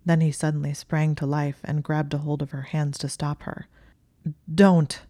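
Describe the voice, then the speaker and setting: An audiobook narrator reads fiction in a calm, steady storytelling way. The voice is mellow and level, with little rise or fall. The recording is close and dry. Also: mid-range voice, normal speed, dry recording. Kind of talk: scripted narration of fan fiction.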